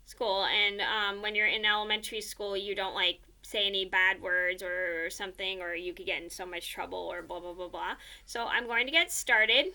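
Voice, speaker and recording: A woman's voice: medium pitch, fairly even intonation, moderate pace, few pauses, sharp tone. A young woman casually telling a personal story, rambling with many fillers and repeated "blah, blah, blah.".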